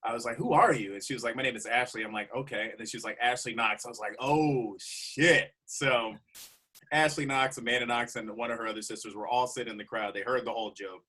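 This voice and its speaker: A man, a comedian guest, telling a road story in a casual, animated way with frequent laughs. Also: mid-range voice, quick pace.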